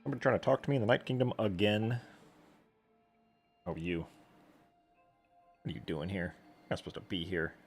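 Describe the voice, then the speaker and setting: A man's voice: lowish voice, lively intonation, a little fast, pauses often, soft background music. A man streaming a video game, making dry, joking asides at the story. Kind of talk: let's-play commentary.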